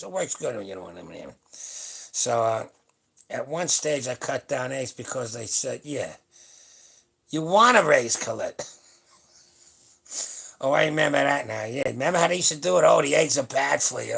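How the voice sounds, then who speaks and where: Gravelly, blunt man in his seventies. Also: medium pitch, a bit bright. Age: 70s. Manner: blunt, rambling, salty talk. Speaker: powerlifting channel host. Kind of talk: casual livestream chat. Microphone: webcam or phone on a live stream.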